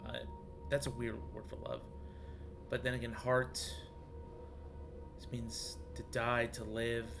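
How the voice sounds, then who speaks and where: A man's voice: mid-range voice, level tone, slow pace, music in the background. A man streaming a video game, musing aloud as he reads and translates in-game text and greets viewers in chat. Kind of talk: live gaming commentary.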